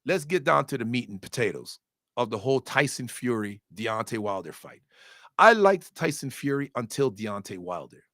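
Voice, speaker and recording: A man giving casual, opinionated commentary on boxing, animated, profane and joking, with sudden loud outbursts. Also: medium pitch, normal speed, no room sound, clean studio sound.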